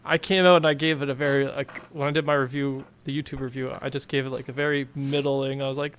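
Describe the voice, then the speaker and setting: A man's voice: mid-range voice, level tone, fast talker, hardly any pauses, a bit bright, clean tone. A man co-hosting a podcast, chatting casually about a movie, easygoing and agreeable, often trailing off mid-thought. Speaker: podcast co-host. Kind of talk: casual movie review chat.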